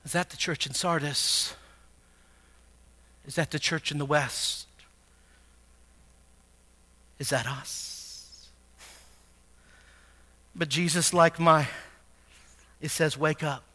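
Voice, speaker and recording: Impassioned preacher man, bright high voice. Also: fairly even intonation, slow pace, pauses often. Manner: swings from hushed murmurs to shouted exhortation; rhetorical questions, emphatic preaching. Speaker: pastor. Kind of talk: sermon.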